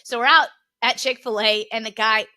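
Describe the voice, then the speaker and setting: A woman's voice: on the high side, fairly even intonation, moderate pace, sharp tone. A woman co-hosting a podcast, casually telling a funny everyday story and laughing often. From Philadelphia area. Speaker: podcast co-host. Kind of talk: casual chat.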